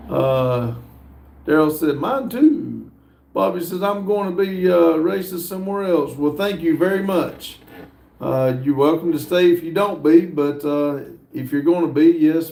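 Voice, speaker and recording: A man hosting a live stream, casually reading viewer comments aloud with frequent hesitant pauses. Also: a little high, creaky, a little mellow, echoey room. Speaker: livestream host reading viewer chat.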